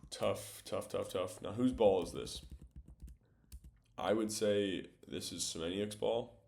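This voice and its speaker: A man's voice: lowish voice, takes it slowly, creaky, darkish tone. A young man casually breaking down volleyball game film, thinking aloud with lots of fillers as he goes. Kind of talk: casual video breakdown commentary.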